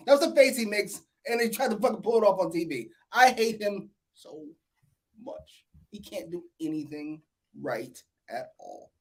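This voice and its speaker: A man's voice: high-pitched, expressive, normal speed. A man co-hosting a wrestling review, ranting heatedly and swearing constantly. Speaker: co-host. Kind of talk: casual profane ranting.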